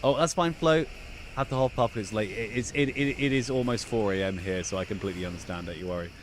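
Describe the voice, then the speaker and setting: Low-voiced man chatting on a livestream. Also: fast talker, slight background noise. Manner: chatty, stammering restarts. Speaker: podcast co-host. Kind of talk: casual livestream banter.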